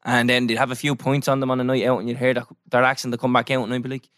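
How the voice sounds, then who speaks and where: A man with an Irish accent, co-hosting a podcast in casual chat and getting animated as he rants. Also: medium pitch, racing, dry recording, clean studio sound. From Ireland. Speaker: podcast co-host.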